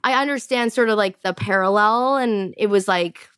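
A woman's voice: medium pitch, normal speed, clear, resonant tone, no echo, clean studio sound. A Canadian woman in her forties, a podcast guest telling stories in casual chat, with lots of fillers and restarts. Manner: chatty, animated storyteller with many fillers and restarts.

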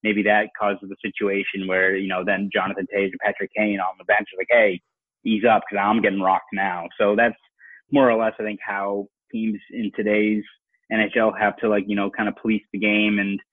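Boston guy rambling on a podcast, low voice, sounds like a dry phone line. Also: flat delivery, a little fast, dry recording. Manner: rambling, many fillers like "you know". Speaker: guest, sports reporter. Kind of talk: casual podcast chat.

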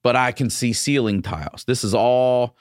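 A man's voice: mid-range voice, normal speed, no room sound, studio quality. A middle-aged male comedian telling a story in casual, profane chat. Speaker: comedian guest.

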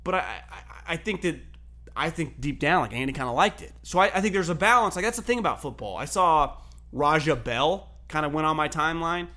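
A man co-hosting a sports talk show, telling stories in an animated, profane way and laughing often. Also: fairly high pitch, a little fast. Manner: animated storyteller, swears freely, laughs often. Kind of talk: casual sports debate chat.

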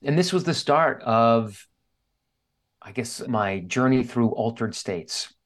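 A man's voice: medium pitch, lively intonation, slow. A man speaking as an interview guest, telling a candid personal story in an earnest, openly emotional way. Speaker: guest author.

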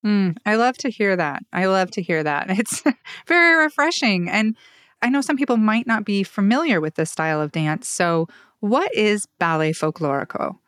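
A woman hosting an interview, asking her questions in a chatty, warm way and getting easily moved. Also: medium pitch, lively intonation, normal speed, dry recording, clean studio sound. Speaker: host.

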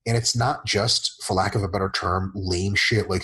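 A man coaching in a casual podcast Q&A, talking in a profane, animated way and acting out his clients in quick voices. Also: deep voice, husky, rough recording. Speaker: fitness coach answering listener questions.

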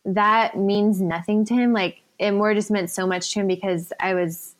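A woman in her thirties, a podcast guest, telling a candid personal story in a chatty way, full of fillers and soft laughs. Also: medium pitch, steady tone, normal speed.

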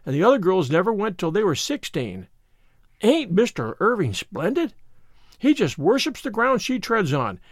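A man voicing an excited teenage servant girl who gushes in breathless chatter. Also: sits high, dry recording, clean studio sound, exaggerated voice.

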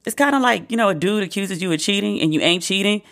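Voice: medium pitch, quick pace. Host for comedic talk; blunt, swearing, sarcastic riffs in a mid-range voice. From United States. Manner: profane, sarcastic, with animated asides. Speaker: podcast host. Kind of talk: casual comedic commentary.

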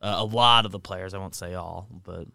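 A man's voice: low-pitched, steady tone, moderate pace, creaky, pushed and bright, no room sound. A man co-hosting a podcast, chiming in chattily during a casual sports chat. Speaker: podcast co-host.

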